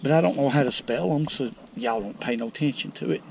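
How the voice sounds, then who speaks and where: A man with a Southern US accent hosting a fishing vlog from a lake bank, folksy and excitable as he talks straight to viewers. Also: mid-range voice, fast talker, vocal fry. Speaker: fishing channel host. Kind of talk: outdoor fishing vlog commentary. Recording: outdoor noise behind voice.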